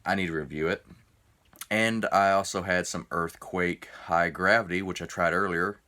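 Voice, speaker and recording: A man's voice: low voice, fairly even intonation, moderate pace, sharp tone. A man rambling through a casual beer review video, a little tipsy after a few drinks. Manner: rambling, chatty, self-interrupting.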